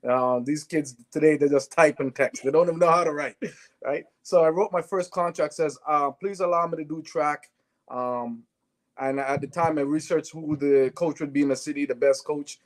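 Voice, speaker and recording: At a moderate pace and slightly high pitch, this interview guest, a Canadian who went from sprinting to business, spins animated stories, performing each bit of dialogue himself.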